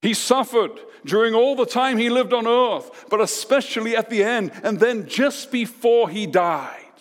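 A man preaching a sermon as pastor, emphatic, with dramatic pauses and repeated lines. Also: high voice, long reverb tail.

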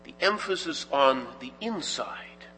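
A man, preaching a sermon as a pastor, measured and emphatic, posing rhetorical questions to the congregation. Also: on the high side, animated, pushed and bright, slight background noise. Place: church sanctuary. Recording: reverberant church hall.

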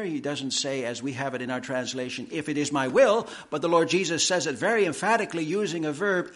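A man preaching a sermon, slow and emphatic, with deliberate pauses. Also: sits high, sharp tone. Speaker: pastor.

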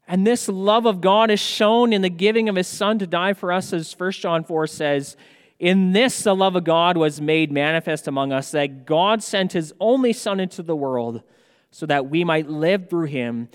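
A man preaching a sermon as pastor, slow and measured, with emphatic rises on key words. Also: high-pitched, smooth. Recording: long hall reverb.

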